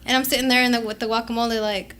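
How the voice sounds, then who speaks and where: A woman's voice: fairly high pitch, little pitch movement, racing, a bit bright. A young adult woman co-hosting a casual podcast, telling a story animatedly with frequent laughs and swearing. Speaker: podcast co-host. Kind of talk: casual chat.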